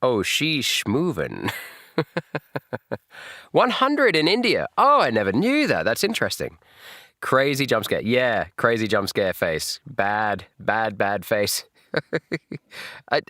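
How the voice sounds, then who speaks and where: An Australian man chatting on a live reaction stream, jokey and animated and laughing often. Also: mid-range voice, slow pace, long pauses, dry recording, clean studio sound.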